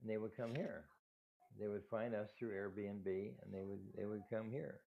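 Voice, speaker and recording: A man's voice: fairly low pitch, fairly even intonation, moderate pace, gravelly. Older man with a whistling, tinny voice. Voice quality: whistling sibilants without his dentures. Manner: rambling, with restarts and soft laughs. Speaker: cat rescue owner. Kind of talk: casual talk to camera. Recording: tinny phone-like sound with faint music.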